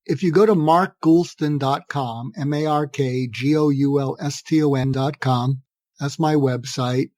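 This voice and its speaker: As a guest on a podcast interview, an older psychiatrist shares lively anecdotes at a measured pace, performing the quoted dialogue of the people involved. His voice is slightly high for a man, captured in a dry, close recording with no room sound.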